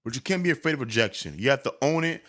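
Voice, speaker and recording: A young man recounts an awkward episode from his past in casual comic storytelling. His voice has a bright, forward edge, and he talks candidly and with animation, often doubling back on his words mid-sentence. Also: mid-range voice, very fast. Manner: candid, animated, with stammered restarts.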